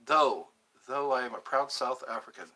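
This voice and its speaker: A man's voice: medium pitch, normal speed, bright, forceful tone. A man hosting a live stream, chatting casually and reading viewer comments, often stumbling and repeating words. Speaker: livestream host.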